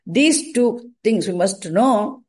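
A woman teaching Sanskrit pronunciation and chanting, speaking deliberately and repeating sounds to demonstrate them. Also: mid-range voice, lively intonation, darkish tone. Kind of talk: slow explanatory lesson.

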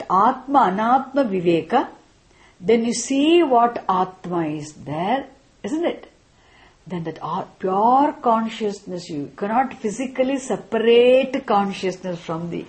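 A woman teaching a class on scripture, speaking deliberately and often checking in with "isn't it?". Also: mid-range voice, animated. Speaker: Vedanta teacher.

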